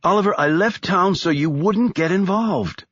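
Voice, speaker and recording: A male narrator voicing a tough, sharp-tongued woman con artist who snaps back defiantly. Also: high-pitched, moderate pace, no room sound, highs cut off, pitched above the performer's own voice. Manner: snappish and defiant, rising to a shout in alarm.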